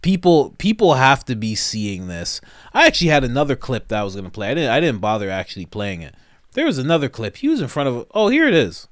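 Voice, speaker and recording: A man hosting a comedic reaction commentary show, animated and breaking into laughter often. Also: medium pitch, quick pace, dry recording, clean studio sound.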